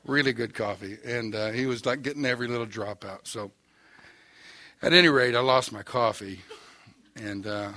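A man's voice: mid-range voice, moderate pace, pauses often, sharp tone. An older man with an Oklahoma accent preaching a sermon, telling a story in a folksy, wry, self-mocking way. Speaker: pastor.

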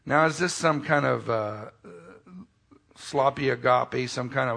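A man preaching a sermon as pastor, his voice bright and edged with a gravelly fry. He swings from loud, emphatic declarations down to quiet, intimate asides, and slips folksy jokes in between. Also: medium pitch, measured pace.

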